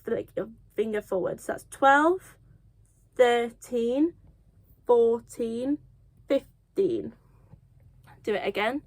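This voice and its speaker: Casting: young woman from the UK, kids' sign language teacher, unhurried and encouraging, slightly high voice, dry close sound. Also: big pitch swings, dry recording. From United Kingdom. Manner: encouraging, self-deprecating, gentle laughs. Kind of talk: children's lesson, slow counting.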